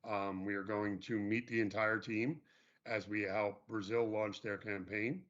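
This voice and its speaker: A man's voice: level tone, a little slow, fairly bright tone. A man co-hosting an online show, casually announcing events with frequent fillers and restarts. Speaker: co-host. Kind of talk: casual livestream chat and announcements. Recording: muffled low-fidelity stream audio.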